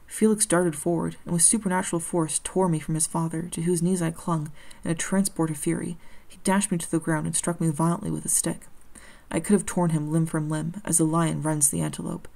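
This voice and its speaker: A woman reading a classic novel aloud as an audiobook, in a measured, steady storytelling manner. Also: low voice, vocal fry. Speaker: audiobook reader.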